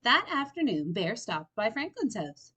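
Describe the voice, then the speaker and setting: A woman reading a picture book aloud to young children, slow and unhurried, with a lively, swooping voice. She stops to explain words in plain terms. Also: on the high side, breathy edge, highs cut off. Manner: expressive, explaining words for kids. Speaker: storyteller.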